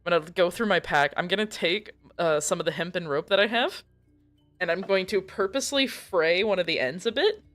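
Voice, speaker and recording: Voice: mid-range voice, fairly quick, fairly bright tone, soft background music. A tabletop game player describing their character's actions in a playful, giggly way. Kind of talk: in-character tabletop play, casual chat.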